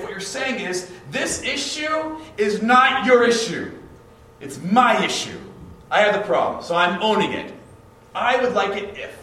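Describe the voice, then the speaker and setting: Heard from a distance in an echoey hall with slight background noise, a pastor with a high, sharp voice preaches conversationally. He acts out short quoted exchanges between couples.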